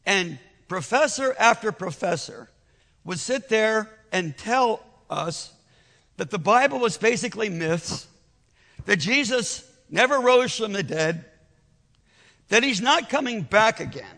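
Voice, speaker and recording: A man's voice: sits high, animated, a little slow, gravelly, pushed and bright, in a large hall. An older man preaching a sermon in a conversational, persuasive way, telling his own story and restarting his words often.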